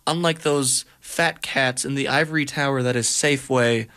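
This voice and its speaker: Radio host guy, mid-pitched voice, stammery and flustered, comedy bit. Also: normal speed, pushed and bright. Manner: hesitant, flustered, rambling. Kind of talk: comedic radio show hosting.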